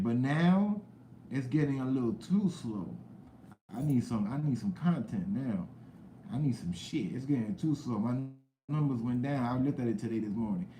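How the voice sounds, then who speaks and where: A young man hosting a live stream, chatting loosely with viewers in slang, shouting out names from the chat. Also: medium pitch, animated, moderate pace, roomy sound, slight background noise, rough recording. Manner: loose, rambling talk with slang and cursing, greets chat viewers loudly.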